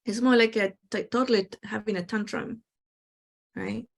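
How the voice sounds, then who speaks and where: A woman hosting a spiritual talk show, calmly explaining her ideas and acting out the replies people give. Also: mid-range voice, moderate pace, vocal fry. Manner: reflective, explanatory, acts out quoted replies. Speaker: host.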